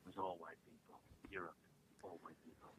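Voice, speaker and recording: A laid-back, drawling movie-star voice, which a male caller puts on for laughs. It runs a little low for a man, with a Southern lilt, and lurches from hushed near-whispers to sudden loud lines. Phoned in to a podcast. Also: level tone, fairly quick, background noise. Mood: joking. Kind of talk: comedic celebrity impression. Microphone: phone call into podcast.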